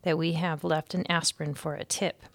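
A woman's voice: sits low, level tone, normal speed, dry recording. A woman voicing a worrying mother mouse in a storybook reading. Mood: worried. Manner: anxious, fretful.

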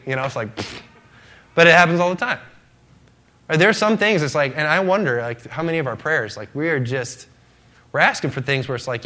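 A middle-aged pastor delivers a casual, conversational sermon in a medium-pitched, fast, pushed and bright voice. He acts out short quoted exchanges, voicing his daughters and himself, and keeps asking "right?"

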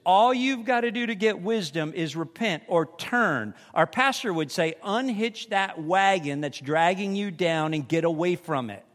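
A man preaching a sermon, animated, acting out the voices of people in his examples. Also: high-pitched, long reverb tail.

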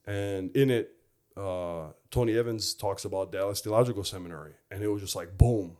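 Earnest man with a lowish voice. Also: darkish tone. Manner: earnest, reflective, halting with fillers. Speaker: former football player giving his testimony. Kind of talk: personal faith testimony.

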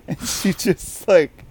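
A man co-hosting a casual film chat, talking haltingly and searching for words with many fillers. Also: high-pitched, a little mellow, a little hiss or hum. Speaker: podcast co-host reviewing a film.

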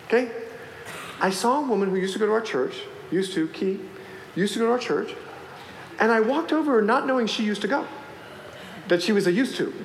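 A man, a pastor preaching a sermon and telling a story with lively acted-out voices. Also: sits high, brisk, long pauses, slight background noise. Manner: animated storytelling, acting out voices in the anecdote. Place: church sanctuary. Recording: echoey hall, faint ambience.

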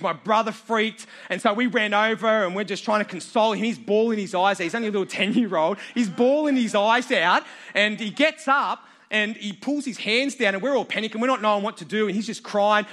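Bright, high-voiced Australian man telling stories. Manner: humorous, self-mocking storyteller. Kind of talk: storytelling sermon to a live audience.

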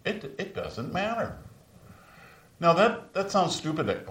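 A man's voice: big pitch swings, measured pace, a bit bright. A man in his sixties preaching a sermon as pastor, telling stories and lifting his voice for emphasis. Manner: storytelling preacher, rises in pitch for emphasis. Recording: echoey room, voice from far off.

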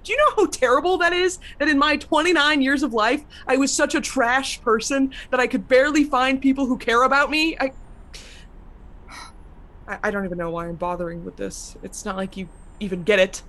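A woman's voice: high voice, fairly quick, fairly bright tone. A woman voicing a bitter, self-loathing young male writer in an audio drama, anguished, her voice climbing and breaking. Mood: despairing.

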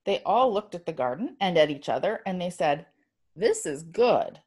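A woman reading a story aloud in a measured storytelling manner. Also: on the low side, animated, darkish tone.

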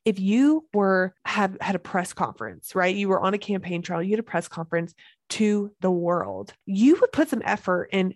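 A woman's voice: mid-range voice, lively intonation, moderate pace, no room sound. A woman hosting a solo podcast as a business coach, talking with energy and emphasis and repeating key phrases.

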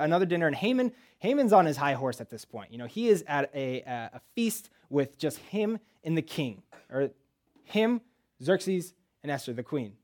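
A man preaching in a church, retelling a Bible story in a casual, joking way with rhetorical questions and quick asides. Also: fairly high pitch.

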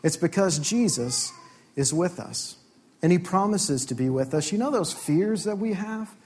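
Guy preaching in church, kinda high voice, earnest, keeps repeating stuff for emphasis. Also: expressive, a little slow, a little mellow. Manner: earnest, repeats key phrases, acts out quoted prayers. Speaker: pastor. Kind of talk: sermon.

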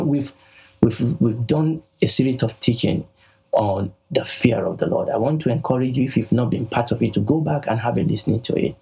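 A man's voice: medium pitch, creaky, dark tone, breathy edge, poor audio. A man teaching the Bible in a broadcast, emphatic and repeating key phrases.

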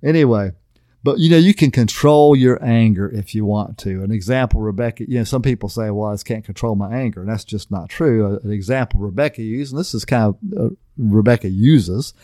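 A man's voice: on the low side, fairly quick, mellow, no echo, studio quality. A middle-aged man preaching a casual marriage sermon, folksy and plain-spoken, often checking in with "okay?". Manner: folksy, repeatedly asks "okay?". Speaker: pastor.

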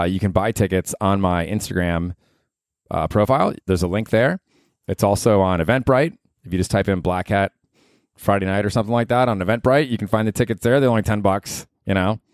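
A man with a lowish voice rambles through a casual comedy podcast monologue, swearing freely as he goes. His voice is recorded close and dry. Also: fairly quick, dry recording. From Tampa area, Florida.

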